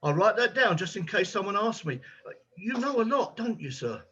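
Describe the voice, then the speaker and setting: A man plays a nervous, gentle gallery guide who stumbles over his words. His voice sits high and swoops widely, with a husky edge. The sound is dull and lo-fi. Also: sing-song, normal speed, heavily acted. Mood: eager. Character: anxious, kind-hearted male gallery guide. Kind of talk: amateur stage drama.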